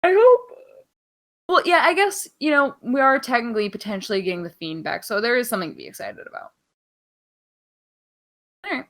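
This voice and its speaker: A woman's voice: a little high, lively intonation, fairly quick, long pauses, fairly bright tone. A young woman co-hosting a wrestling podcast, casual, playful and sarcastic, swearing freely. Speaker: podcast co-host. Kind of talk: casual chat.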